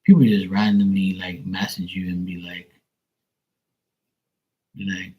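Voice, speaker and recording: A man with a husky, breathy voice rants to his livestream viewers in a casual way. He is blunt and profane, and he mocks the people he talks about with a sharp tongue. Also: deep voice, flat delivery, unhurried, pauses often, low-quality recording. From Bermuda. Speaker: livestream host.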